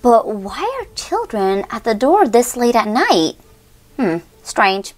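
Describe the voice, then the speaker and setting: A woman's voice: fairly high pitch, very animated, takes it slowly, exaggerated voice. A woman playing an exasperated teen big sister. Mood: bossy. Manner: exasperated, sing-song, scolding. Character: teen big sister babysitting, bossy but kind. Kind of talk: toy doll role-play.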